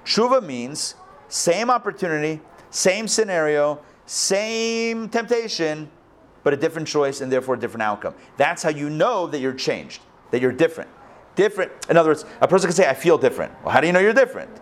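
A man teaching a live Torah class as a rabbi, telling the story with lively, acted-out lines. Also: on the high side, quick pace. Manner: animated storytelling, acts out quoted lines. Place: school hall, recorded live.

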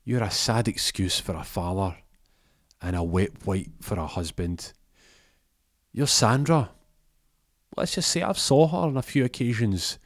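Guy putting on a smug gangster, low voice, dead dry sound. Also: expressive, unhurried, pauses often, dry recording. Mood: taunting. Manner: gloating, taunting.

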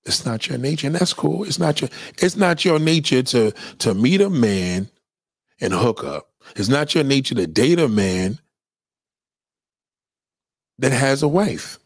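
A man's voice: mid-range voice, very animated, unhurried, long pauses, no room sound, clean studio sound. A man delivering a blunt, profane, opinionated monologue in a lecturing tone.

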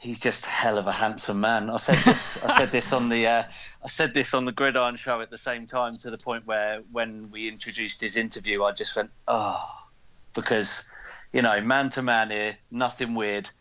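A man's voice: mid-range voice, fairly even intonation, normal speed, bright, forceful tone. A man, a magazine reporter, chatting casually with a lot of hesitations. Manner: hesitant, lots of ums. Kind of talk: casual chat. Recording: dull lo-fi sound.

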